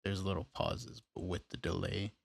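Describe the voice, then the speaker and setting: A man casually walking through how he built a beat, step by step, in a relaxed, plain way. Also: low voice, moderate pace, creaky, very noisy. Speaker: music producer tutorial host. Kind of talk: casual screen-recorded tutorial.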